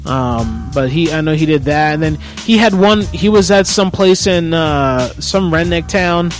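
A man's voice: a little high, animated, a little slow, soft background music. A man hosting a talk show, teasing his co-host and rambling with lots of swearing. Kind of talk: casual crude banter.

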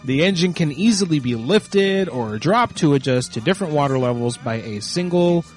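A man's voice: fairly high pitch, animated, normal speed, faint music behind. A man hosting crude prank calls, talking in a laid-back, profane drawl. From Tennessee. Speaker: prank call radio host. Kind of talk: crude prank call comedy.

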